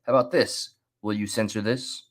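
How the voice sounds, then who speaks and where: A man's voice: lowish voice, steady tone. A man casually commenting while reacting to a clip, chatty and rambling, with restarts. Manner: chatty, laughs and restarts, drawn-out asides. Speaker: commentary host.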